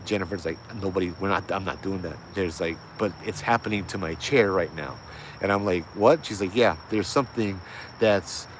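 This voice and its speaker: A man tells a ghost story in a casual, laid-back way, full of slang and fillers. His voice sits a little low. Faint crickets and insects chirp behind him. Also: slight background noise. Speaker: host telling a ghost story.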